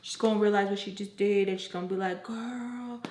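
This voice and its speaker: A woman's voice: mid-range voice, little pitch movement, quick pace, a little mellow, a little hiss or hum. A young woman telling a personal story to camera in a chatty, profane way, full of "like" fillers. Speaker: beauty and story-time YouTuber. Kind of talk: casual story-time monologue. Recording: roomy echo.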